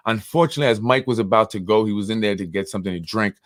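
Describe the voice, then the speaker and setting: Rambling low-voiced New York man. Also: rapid-fire, no echo, studio quality. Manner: rambling storytelling, many fillers. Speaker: host of a local politics show. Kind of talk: casual live-stream commentary.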